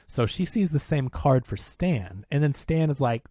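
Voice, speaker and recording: A man's voice: mid-range voice, expressive, mellow, dry recording. Man, podcast co-host, casual film recap, mid-range voice, dry close mic. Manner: retells scenes with quick put-on voices.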